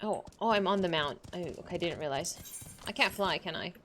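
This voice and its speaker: A woman from Los Angeles, chatting excitably with viewers during a gaming livestream, laughing often. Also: on the low side, fairly quick, noisy background. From Los Angeles, USA. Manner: excitable, giggly, greets viewers. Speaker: game streamer. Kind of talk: casual livestream chat while gaming.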